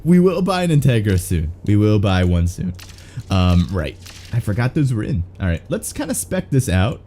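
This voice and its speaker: A man's voice: fairly low pitch, sing-song, normal speed, dark tone, a little hiss or hum. A young man doing casual, rambling live-stream gameplay commentary, swearing and self-mocking. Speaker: game streamer.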